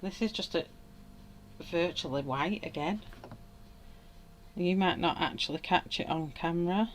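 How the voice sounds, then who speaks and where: A woman's voice: on the low side, unhurried, slight background noise. A woman, chatting casually at home while she colours on a livestream, greeting viewers by name and laughing often. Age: 30s. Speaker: livestream host.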